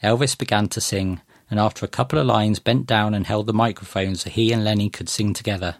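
Man narrating a story, calm and measured, lowish voice, dead dry sound. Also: dry recording. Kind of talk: first-person story reading.

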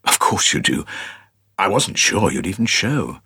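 A man reading an audiobook, voicing a glamorous, breezy young wife with a light, breathy, playful delivery. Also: deep voice, very animated, unhurried, sharp tone, dry recording, clean studio sound, heavily acted. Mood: teasing.

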